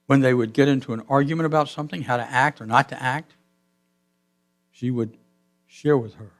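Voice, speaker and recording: A man pastor giving a sermon in a church, telling a story with his voice swelling loud and then dropping to a hush. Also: medium pitch, moderate pace, long pauses. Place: church sanctuary.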